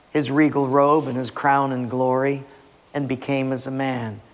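Gravelly-voiced man preaching a sermon. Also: medium pitch, in a large hall. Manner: animated, acts out stories.

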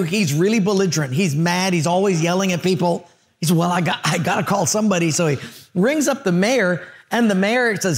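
An older male pastor preaching a sermon, telling stories with lively character voices. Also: high voice, a little fast. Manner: storytelling with animated character voices.

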